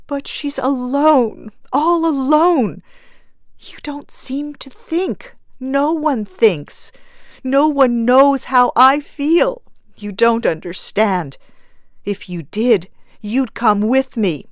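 A woman's voice: high voice, slow, no echo, clean studio sound, pitched above the performer's own voice. A woman reading the lines of a grieving young mother in mourning, anguished and pleading. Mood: distraught.

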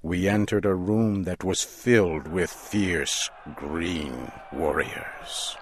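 A man reading a story aloud in a slow, measured and deliberate way, as the narrator. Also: low voice, slight background noise.

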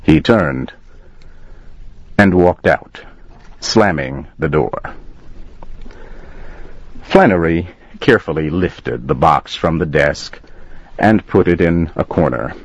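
A man reading a story aloud slowly and deliberately as narrator. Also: very deep voice. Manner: slow, deliberate, expressive. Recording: dull lo-fi dry recording.

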